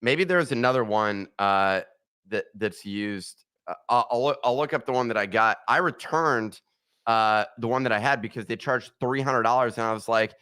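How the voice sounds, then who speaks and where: A man's voice: medium pitch, moderate pace, sharp tone, clean tone. A man co-hosting a podcast, rambling in casual chat with many ums. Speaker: podcast co-host.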